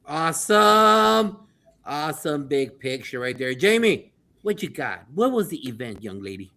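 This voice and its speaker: A man hosting a panel show, playful and full of hype, with sing-song shout-outs to viewers. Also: mid-range voice, very animated, moderate pace. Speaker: host.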